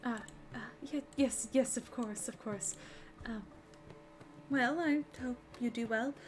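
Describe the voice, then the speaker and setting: A woman's voice: on the high side, takes it slowly, soft background music. A woman narrating a tabletop game as game master, hesitant with many ums, building suspense in her descriptions.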